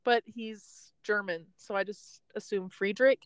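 A woman's voice: medium pitch, measured pace, clear, resonant tone, no room sound, rough recording. A young woman hosting a podcast, telling a story in a casual, rambling way and laughing often. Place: in a parked car.

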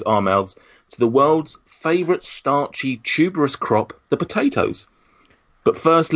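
A man hosting a casual podcast, giving jokey, teasing introductions of his guests. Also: mid-range voice. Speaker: podcast host. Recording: dull lo-fi recording.

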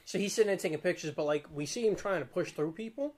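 A man's voice: high-pitched, quick pace, a crowd in the background. A young man telling a rambling, slangy story in casual chat, laughing as he goes. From Staten Island, New York.

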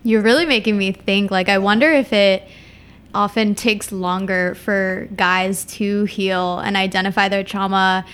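A woman's voice: medium pitch, steady tone, unhurried, fairly bright tone, clean tone. Thoughtful woman musing aloud. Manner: thoughtful, musing, uses "like" often. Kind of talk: casual podcast chat.

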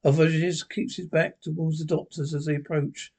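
Halting man reading a script aloud. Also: fairly high pitch, level tone, a little mellow. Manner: halting, stumbles over words. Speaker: reader.

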